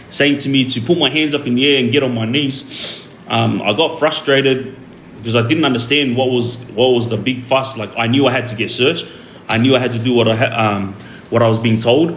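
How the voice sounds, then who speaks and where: Older man, casual storytelling, animated, acts out shouting, echoey room, faint background noise. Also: medium pitch. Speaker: streamer.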